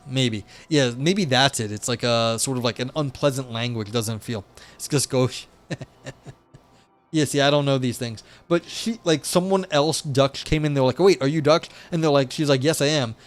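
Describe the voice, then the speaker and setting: A man's voice: mid-range voice, normal speed. Rambling casual male streamer. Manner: rambling, chatty, many fillers, laughs at own asides. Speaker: streamer reading and discussing a philosophy paper. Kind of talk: casual live-stream commentary.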